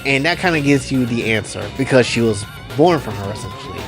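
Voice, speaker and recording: A man's voice: medium pitch, animated, fairly quick, over music. A man casually recapping and commenting on his own story, rambling with lots of fillers. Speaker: creator recapping his own anime series.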